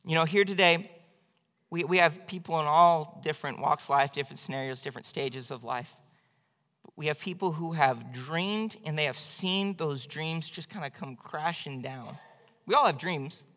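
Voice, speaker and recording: A man's voice: fairly high pitch, normal speed, a bit bright. A male pastor preaching an evening church sermon in a conversational, emphatic way. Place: church sanctuary. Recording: long hall reverb.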